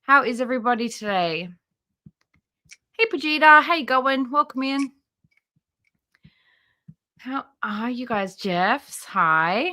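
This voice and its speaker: A woman's voice: on the high side, animated, takes it slowly, pauses often, pushed and bright. A woman hosting a casual livestream, chatty and laughing often as she greets viewers by name. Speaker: livestream host.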